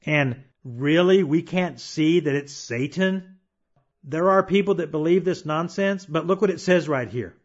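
Man preaching, fairly high voice, emphatic with rhetorical questions, dull lo-fi recording. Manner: emphatic, slows down to read scripture, rhetorical questions. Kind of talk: sermon. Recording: dull lo-fi sound.

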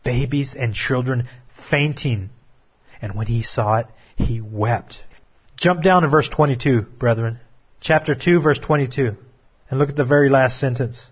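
A man preaching a sermon with impassioned, drawn-out dramatic phrasing. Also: mid-range voice, breathy edge, highs cut off.

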